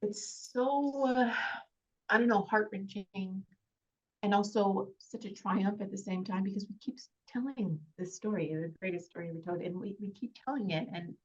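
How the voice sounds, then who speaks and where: A woman, an actress, talking in an interview in a heartfelt, halting way with many fillers and restarts. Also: mid-range voice, a little mellow, lo-fi sound. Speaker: actress guest. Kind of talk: casual interview chat.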